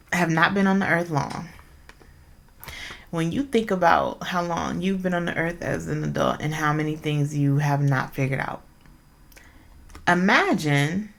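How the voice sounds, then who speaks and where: A woman hosting a podcast, talking in a blunt, profane, casual monologue full of incredulous questions. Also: fairly low pitch. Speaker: podcast host.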